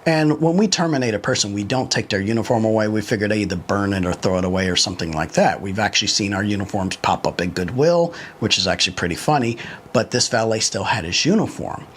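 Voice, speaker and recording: A man's voice: lowish voice, expressive, fast, a bit bright, slight background noise. A man who runs a valet company telling a long story about a former employee in a casual, rambling way, acting out what others said. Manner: rambling, conversational, quotes others in dialogue.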